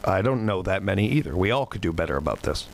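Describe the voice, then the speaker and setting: Male country radio host, low-pitched, folksy and rambling, faint room hum behind. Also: expressive, quick pace, vocal fry, poor audio. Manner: folksy, rambling, self-deprecating. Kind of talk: casual radio show chat.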